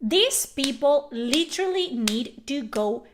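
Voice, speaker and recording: A woman streamer ranting to her chat in a profane, sarcastic way, loud and venting. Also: high-pitched, expressive, slow, noisy background. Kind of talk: angry livestream rant.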